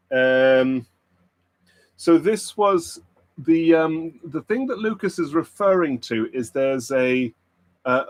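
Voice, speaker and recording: A man hosting a livestreamed pub quiz in casual chat, rambling with many fillers and breaking into sudden upbeat bursts, into a computer mic. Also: medium pitch.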